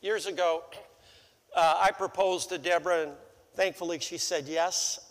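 A middle-aged male pastor preaching a sermon, telling a story in an animated way with stammering restarts. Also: high voice, moderate pace, long reverb tail. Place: church sanctuary.

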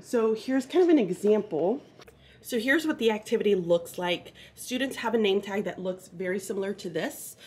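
A woman teacher talks casually to her viewers, recorded on a handheld phone camera in her classroom. Her voice sits at an ordinary middle pitch. She is quick, chatty and upbeat, with a slight nervous edge. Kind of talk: casual vlog chat.

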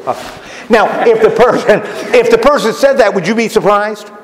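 A lay preacher with a high voice gives a folksy, conversational sermon at normal speed in the common room of a retirement home, often putting questions to his listeners. The recording is echoey, with faint background noise from the hall.

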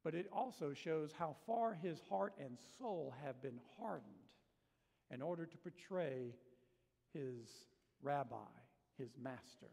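A man's voice: on the high side, animated, takes it slowly, creaky, mellow. A male pastor preaching a sermon in a church, telling the story vividly and acting out quoted lines with dramatic emphasis. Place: church sanctuary. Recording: long church reverb.

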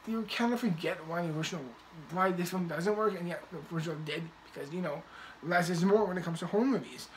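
A man's voice: sits high, a little hiss or hum, poor audio. A man casually reviewing movies in a rambling way, with many restarts and the odd swear word.

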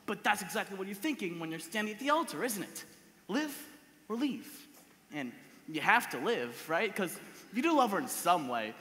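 A young man plays a rueful, confiding musical fan who talks straight to the crowd. His voice is high, lively and bright. It rings out through a big, reverberant school theatre. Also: a little fast. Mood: wistful. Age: teens. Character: wistful male musical-theatre fan narrating. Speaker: stage actor. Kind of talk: stage musical acting.

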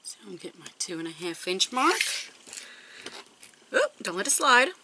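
Lively, bright-voiced woman teaching quilting. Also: medium pitch, measured pace, slight background noise, poor audio. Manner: talks to herself while working, counting measurements aloud. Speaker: quilting tutorial host. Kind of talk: casual step-by-step craft demonstration.

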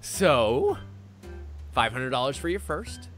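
A man's voice: mid-range voice, sing-song, slow pace, a bit bright, faint music behind. A man hosting a live party-game stream, reacting with enthusiastic laughter. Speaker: stream host.

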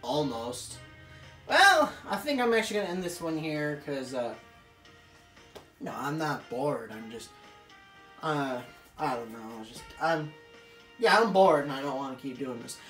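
A woman commentating her own video game play, excitable, swearing and yelling at the screen. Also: deep voice, unhurried, pauses often, faint music behind. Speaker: gaming video creator. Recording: echoey room, off-mic, faint hiss.

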